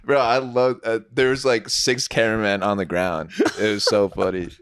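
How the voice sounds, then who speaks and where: A man's voice: on the low side, fairly even intonation, normal speed, a bit bright, clean tone, no echo, clean studio sound. A man co-hosting a podcast in casual chat, telling laid-back stories and swearing freely. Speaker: podcast co-host.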